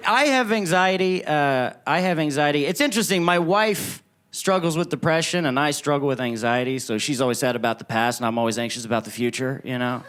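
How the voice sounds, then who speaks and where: A man from the United States performing a self-deprecating, deadpan stand-up set on a club stage. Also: fairly high pitch, a little fast, clear, resonant tone. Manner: deadpan, self-deprecating, acts out others in quoted asides. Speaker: stand-up comedian. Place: comedy club stage before a laughing crowd. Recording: live club recording with audience noise.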